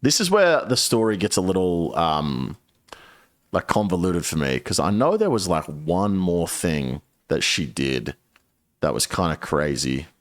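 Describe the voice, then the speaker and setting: A man with a fairly low voice rambles through a profane story for his stream audience, often calling out to his viewers. His pitch swings up and down constantly as he tells it. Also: big pitch swings, a little slow. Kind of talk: casual storytelling to chat.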